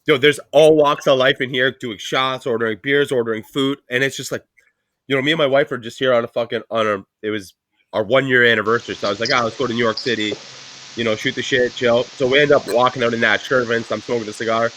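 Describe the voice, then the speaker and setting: Bright-voiced man, animated chat. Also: medium pitch, fast, no room sound. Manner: animated, swears, repeats words for emphasis. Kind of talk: casual chat.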